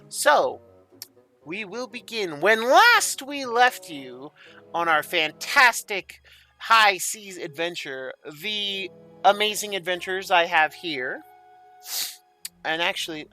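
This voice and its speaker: Casting: male game master, rambling and upbeat, bright voice. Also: sits high. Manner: enthusiastic, rambling. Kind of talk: narrating a tabletop game.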